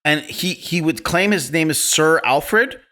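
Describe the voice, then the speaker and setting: Bright-voiced man hosting a film podcast. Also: a little high, unhurried. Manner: opinionated, animated storytelling with restarts. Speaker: podcast host. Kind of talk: casual film discussion.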